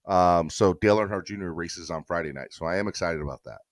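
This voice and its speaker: A man's voice: deep voice, fast talker, no room sound, studio quality. A man hosting a casual sports podcast live stream, rambling chattily and reading viewer comments aloud. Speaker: podcast host.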